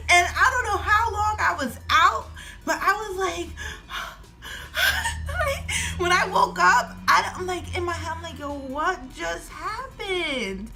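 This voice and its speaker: A woman's voice: extremely high pitch, pushed and bright. A woman in her twenties telling a storytime vlog at home, laughing often as she talks. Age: 20s. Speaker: vlogger.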